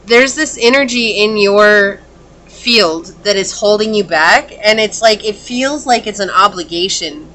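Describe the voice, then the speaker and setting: Bright-voiced woman giving a tarot reading. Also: medium pitch. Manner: earnest, rambling, full of "like" and "okay?". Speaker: tarot reader. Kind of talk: casual pick-a-card tarot reading.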